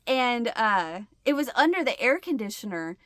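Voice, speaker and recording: Woman vlogger, casual storyteller, bright and close-miked, animated delivery. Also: on the high side, moderate pace, dry recording. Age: adult with a husband. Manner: animated, acts out her own shouts and gasps. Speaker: channel host.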